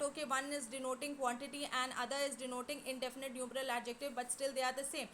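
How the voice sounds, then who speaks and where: A woman teaches grammar, explaining patiently and filling pauses with "you know". Her voice sits high and sounds bright and clear. A faint hiss stays under the recording. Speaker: English teacher. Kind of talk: online class lesson. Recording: faint background noise.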